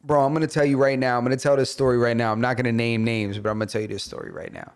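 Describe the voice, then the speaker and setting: A man co-hosting a podcast, telling a story in an animated casual way and saying "bro" often. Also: medium pitch, very fast, smooth. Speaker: podcast co-host. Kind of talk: casual chat.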